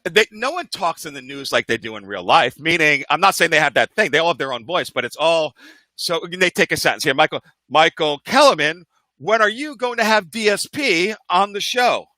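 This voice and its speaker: A man co-hosting a podcast in casual chat, animated and firing off rhetorical questions. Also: a little high, normal speed, no echo. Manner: animated, jumps between topics with rhetorical questions. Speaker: podcast co-host.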